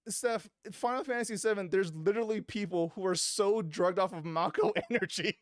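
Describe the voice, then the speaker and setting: Man, podcast host, animated, laughing, slightly high voice, dry close sound. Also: moderate pace, dry recording. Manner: animated, laughing often, swears casually. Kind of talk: casual chat, retelling a video game.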